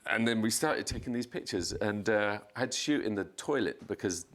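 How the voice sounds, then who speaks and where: A man, a podcast guest, telling a chaotic anecdote in casual chat, swearing and jumping up in pitch to act out quotes. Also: fairly quick. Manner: animated storyteller, swears, acts out quotes in a raised voice.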